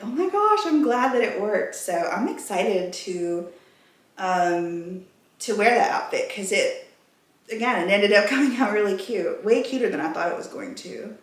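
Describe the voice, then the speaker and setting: In a home vlog recorded in an echoey room, a woman chats casually, rambling and out of breath. Her mid-range voice is a little slow, and she keeps interrupting herself.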